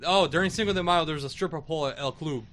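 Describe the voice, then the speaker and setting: A man's voice: fairly high pitch, racing, a bit bright, a little hiss or hum. A man co-hosting a casual podcast, joking and laughing often. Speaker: podcast co-host. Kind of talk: casual chat.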